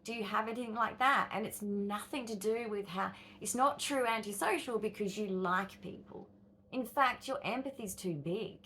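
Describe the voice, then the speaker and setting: Animated Australian woman in her fifties. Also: medium pitch, moderate pace, a little hiss or hum. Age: 50s. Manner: animated, acts out inner voices with sighs and exclamations. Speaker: vlogger. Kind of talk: direct-to-camera vlog monologue.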